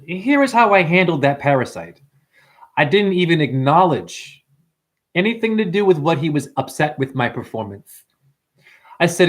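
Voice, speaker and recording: A man hosting a livestream and ranting preachily at his viewers, swinging between hushed asides and loud outbursts. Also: a little high, very animated, normal speed. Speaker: livestream host and numerology teacher.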